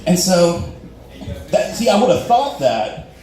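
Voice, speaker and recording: Slow, sing-song, and warm, a young comedian's voice comes through roomy club audio recorded from far off, with slight background noise. On stage he mocks himself in his stand-up set and plays out conversations in high, squeaky voices.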